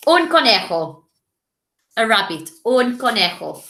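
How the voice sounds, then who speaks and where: A woman's voice: on the high side, big pitch swings, a little slow, bright, forceful tone, echoey room. A woman teaching a primary school language lesson, encouraging and playful, in a recorded classroom lesson. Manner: encouraging, with playful animal voices.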